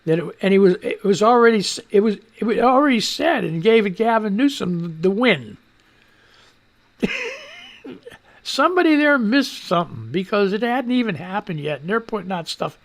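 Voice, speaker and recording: A man's voice: high-pitched, very animated, normal speed, vocal fry. Rambling, foul-mouthed male radio host. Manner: rambling and profane, stumbling over words. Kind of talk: casual rambling news commentary.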